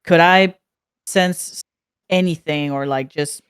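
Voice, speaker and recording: Clear-voiced hesitant woman player. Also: low voice, fairly even intonation, takes it slowly, no room sound, clean studio sound. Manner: hesitant, stammering restarts. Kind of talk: casual chat.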